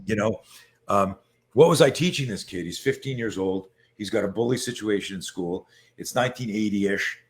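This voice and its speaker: A man being interviewed as a self-defense coach, telling stories in a lively casual way and acting out what people said. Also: lowish voice, normal speed. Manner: animated storyteller who acts out quoted voices; frequent fillers and restarts.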